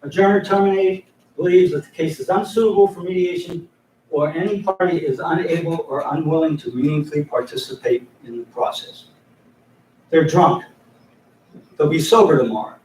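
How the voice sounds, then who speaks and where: A man's voice: a little high, moderate pace, darkish tone, a little hiss or hum. An older man leading a mediation training class, folksy and joking, often stopping to restart his sentences, recorded from a distant mic in an echoey room. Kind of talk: training class, demonstrating a mediator's opening statement.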